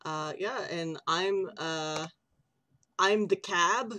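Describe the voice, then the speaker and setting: A player chatting casually in a laid-back, halting way. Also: medium pitch, bright, forceful tone. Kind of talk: casual chat.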